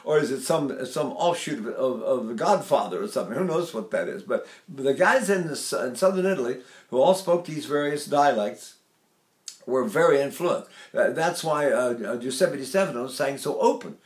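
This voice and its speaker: A man's voice: mid-range voice, animated, moderate pace, reverberant. An older man teaching a vocal lesson, talking in a rambling way and breaking off to sing and mimic examples. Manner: rambling, demonstrates by singing and mimicking.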